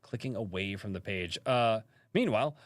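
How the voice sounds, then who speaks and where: A man's voice: lowish voice, lively intonation, moderate pace, no echo. A man hosting a live-stream podcast from a rural home, chatting casually and rambling with many fillers and restarts.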